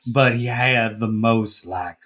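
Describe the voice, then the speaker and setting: A man from the Deep South telling a story on a podcast, rambling with many fillers and restarts. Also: takes it slowly, a bit bright. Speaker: podcast co-host. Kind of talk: casual storytelling.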